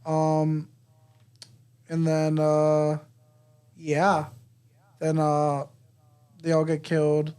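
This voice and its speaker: A man's voice: fairly high pitch, monotone, very slow, pauses often, mellow, smooth. A man co-hosting a podcast, casually recapping a movie plot in a rambling way, swearing and laughing. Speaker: podcast co-host. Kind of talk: casual movie review chat.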